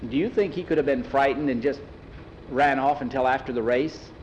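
A gentle, worried mother, as a storyteller puts her on, soft and soothing. She speaks kindly and reassuringly. Faint hum behind. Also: mid-range voice, a little fast, lo-fi sound, lightly acted.

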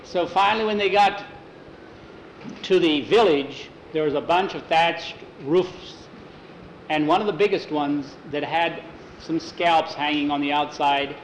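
A man telling an adventure story aloud in a relaxed, homespun way, sometimes correcting himself mid-sentence. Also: on the high side, unhurried. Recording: roomy, dull lo-fi, faint hiss.

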